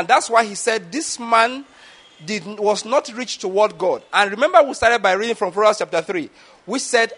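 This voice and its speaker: High-voiced man preaching a sermon. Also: a bit bright. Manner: asks the audience questions, repeats words. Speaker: pastor. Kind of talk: sermon teaching.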